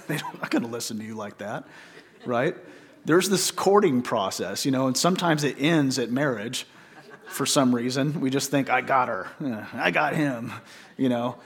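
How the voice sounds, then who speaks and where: A man's voice: medium pitch, lively intonation, a little slow. A man preaching a sermon in church, conversational, with many rhetorical questions to the congregation. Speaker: pastor.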